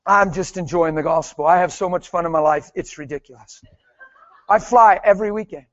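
A man preaching in a testimony style, telling animated stories and switching between soft talk and sudden shouts. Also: high-pitched, fairly quick, dry recording, muffled recording. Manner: animated storytelling, laughing, mimicking voices and shouting.

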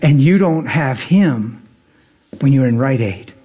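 A male preacher delivering a casual, storytelling sermon, animated and slangy, often laughing as he talks. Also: medium pitch, takes it slowly, highs cut off.

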